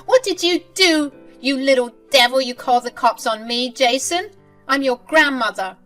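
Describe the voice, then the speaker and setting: A woman voicing a spiteful, scheming older grandmother who talks in a shrill, self-pitying, indignant way. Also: expressive, normal speed, a bit bright, soft background music. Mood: furious.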